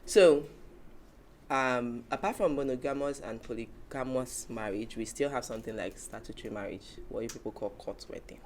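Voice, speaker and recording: A woman's voice: a bass voice, moderate pace, darkish tone, slight background noise. A woman hosting a casual talk show, explaining points from her notes. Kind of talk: casual panel chat.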